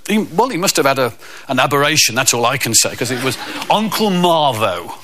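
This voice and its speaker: Animated comedian telling stories. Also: male voice, mid-range voice, a little fast, heavy background noise. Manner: deadpan storytelling, acting out characters. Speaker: stand-up comedian. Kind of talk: stand-up comedy routine.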